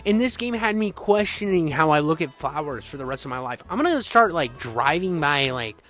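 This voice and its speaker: A young man giving an excitable, crude, slang-filled game retrospective in casual rambling style. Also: a little high, fairly quick. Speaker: game reviewer.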